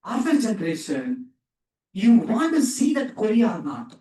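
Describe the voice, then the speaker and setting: A man's voice: high voice, huge pitch swings, moderate pace, warm tone, distant mic. A man teaching programming to a class, repeating questions and having students answer back. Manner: repetitive, quizzing students with short questions. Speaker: programming instructor. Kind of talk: classroom lecture with call-and-response. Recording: echoey room, speaker off-mic.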